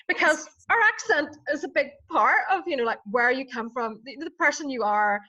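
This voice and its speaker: A woman's voice: sits high, expressive, fairly quick, few pauses, bright, forceful tone, highs cut off. A woman with a Northern Irish accent, a vocal coach telling anecdotes and explaining things in casual podcast chat. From Northern Ireland.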